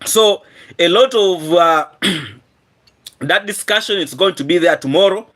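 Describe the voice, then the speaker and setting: A man hosting a casual live stream, hoarse and often clearing his throat, repeating earnest thanks to his viewers. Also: sits high, unhurried, fairly bright tone. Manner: repetitive, earnest thank-yous.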